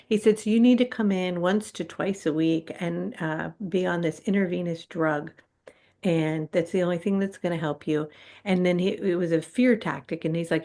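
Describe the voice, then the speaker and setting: A woman's voice: lowish voice, normal speed, warm tone. A middle-aged woman, a guest on a spiritual talk show, telling her personal story candidly and animatedly, acting out her own past reactions.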